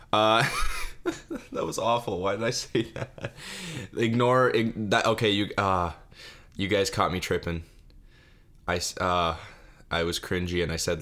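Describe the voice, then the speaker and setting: Young male solo podcaster, lowish voice, silly self-mocking rambler, desk mic. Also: moderate pace, pauses often, pushed and bright. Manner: goofy, self-mocking, laughs at own jokes; mock-sobbing bit, put-on crying. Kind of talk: rambling solo comedy chat.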